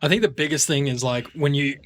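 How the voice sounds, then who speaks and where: A man's voice: a little high, steady tone, a little fast, a bit bright. A young Australian man co-hosting a podcast, telling stories and acting out pronunciations in casual chat. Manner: storytelling, demonstrates pronunciations. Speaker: podcast co-host.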